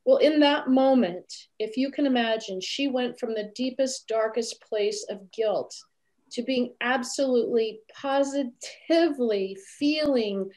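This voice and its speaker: Woman guest, animated storyteller, slightly high voice, video call. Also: unhurried. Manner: animated, acts out quoted voices. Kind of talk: storytelling interview.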